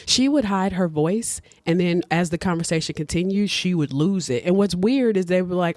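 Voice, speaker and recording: A woman's voice: fairly low pitch, lively intonation, normal speed, few pauses, a little mellow, dry recording. A woman podcast host telling a true-crime story in a casual, chatty way with blunt asides.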